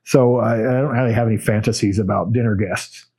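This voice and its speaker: A middle-aged man hosting a casual solo Q&A podcast, talking in a blunt, unhurried way with many fillers and restarts. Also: fairly low pitch, steady tone, darkish tone, slightly rough. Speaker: podcast host answering viewer questions.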